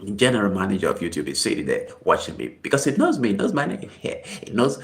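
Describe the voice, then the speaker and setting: A man vlogging casual commentary, rambling and repeating himself as he swings from low muttering to sudden high exclamations. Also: huge pitch swings, fast.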